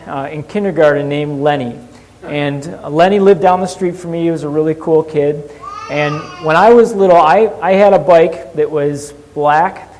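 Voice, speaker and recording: A male pastor telling a Bible story and a childhood story in a sermon, animated and shifting from hushed to lively. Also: fairly high pitch, a little hiss or hum. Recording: long hall reverb.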